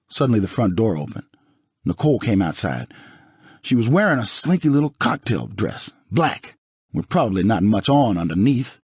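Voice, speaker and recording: Audiobook narrator, male, low husky voice, lively dramatic delivery, dry studio sound. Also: normal speed, no echo. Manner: dramatic, expressive reading. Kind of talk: first-person audiobook narration.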